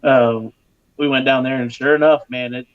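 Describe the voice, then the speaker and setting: A man telling a story casually on a live show as a guest pitmaster, animated, his voice jumping higher when he acts out other people. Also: normal speed, clear, resonant tone, phone-quality sound.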